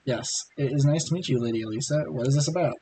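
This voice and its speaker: Guy reading a stiff polite man who forgot who he is, curt, hoarse. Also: mid-range voice, quick pace, dark tone, slight background noise, close to an everyday voice. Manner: curt, formal. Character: stiff formal man with lost memory.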